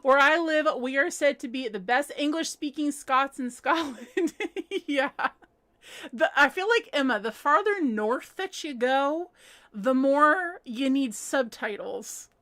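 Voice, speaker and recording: Picture a young woman at home, chatting on a crafting livestream as she reads out viewer comments. She sits high in her voice, and her tone is bright and clear. She giggles often between her thoughts. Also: animated, unhurried. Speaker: crochet livestream host. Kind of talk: casual livestream chat reading comments.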